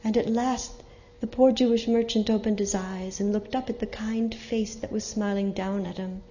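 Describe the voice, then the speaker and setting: Expressive woman reading a story, lo-fi. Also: mid-range voice, normal speed, a little hiss or hum. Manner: expressive, dramatic. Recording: muffled lo-fi recording.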